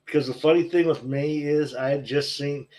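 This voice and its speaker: A man's voice: fairly high pitch, fairly even intonation, moderate pace, a little mellow. A man chatting casually, telling a story with some hesitation. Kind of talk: casual chat.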